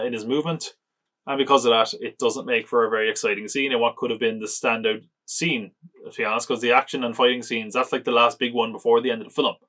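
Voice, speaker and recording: A man's voice: mid-range voice, a bit bright. A man hosting a podcast, casually reviewing a film in a loose, joking way with lots of filler words and chuckles. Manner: chatty, lots of "like", chuckles often, mocking. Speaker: podcast host reviewing films.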